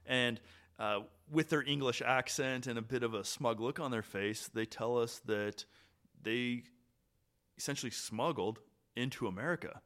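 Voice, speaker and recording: A man hosting a podcast, telling a hiking story in a relaxed, chatty way with pauses and restarts. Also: mid-range voice. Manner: animated, trailing pauses and restarts. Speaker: podcast host. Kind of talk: casual storytelling chat.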